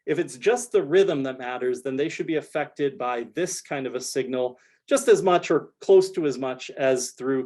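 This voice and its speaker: A man giving an academic research talk over slides, explaining in a measured way with frequent "kind of" fillers. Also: medium pitch, a little mellow.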